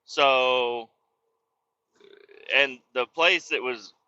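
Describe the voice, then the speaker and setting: A man's voice: medium pitch, extremely slow, sharp tone, no room sound. A truck driver venting in a profane, casual vlog monologue from his cab. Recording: dull lo-fi audio with faint road noise.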